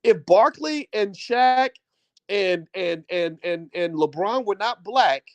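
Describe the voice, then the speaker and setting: A man's voice: high voice, lively intonation, slow, no echo. A man hosting his own channel, giving a passionate opinion rant that is full of repeats and rhetorical questions to the viewers. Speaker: channel host.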